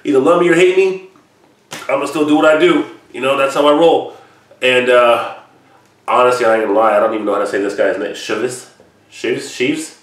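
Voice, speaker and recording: A man's voice: medium pitch, steady tone, fast talker, pauses often. A man hosting a reaction channel, talking casually with a lot of swearing and rambling asides, alone in a room. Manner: profane, rambling, upbeat. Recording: roomy echo, mic at a distance.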